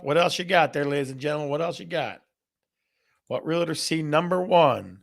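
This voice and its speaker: A man's voice: on the high side, moderate pace, gravelly. A man hosting a live real estate stream, playfully putting questions to viewers and reading out their answers. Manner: playful, repeats questions to the audience. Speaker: real estate show host.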